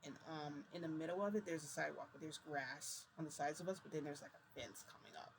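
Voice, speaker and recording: A woman's voice: low voice, fast, gravelly, slight background noise, rough recording. A woman casually retelling a story, chatty and full of "I'm like". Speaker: vlogger.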